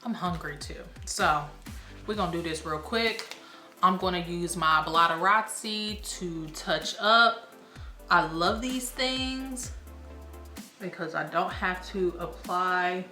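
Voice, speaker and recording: In an echoey room, a young beauty vlogger with a lowish, sharp voice chats casually and a bit out of breath. She rambles and laughs at herself as she goes.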